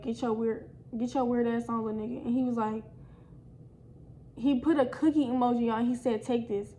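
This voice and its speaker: Young woman vlogger, high voice, chatty storytime delivery with light background hiss. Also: low-quality recording. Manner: animated, slangy, addresses viewers as y'all. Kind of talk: casual storytime.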